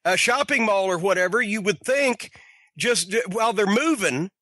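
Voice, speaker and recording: Host: man, high and bright voice, dry studio sound, emphatic and opinionated. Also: animated, no echo. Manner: quick, emphatic, opinionated, occasional swearing. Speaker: podcast host. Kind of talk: podcast interview.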